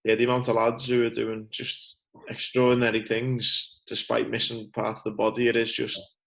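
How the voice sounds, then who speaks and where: Man, podcast host, gravelly voice, flat delivery, casual chat. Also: medium pitch, moderate pace, poor audio.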